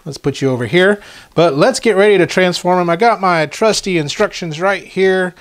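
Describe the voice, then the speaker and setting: A man's voice: high-pitched, normal speed. Rambling, chatty man reviewing toys. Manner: rambling, easily sidetracked, chatty. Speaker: toy reviewer. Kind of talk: casual unboxing review.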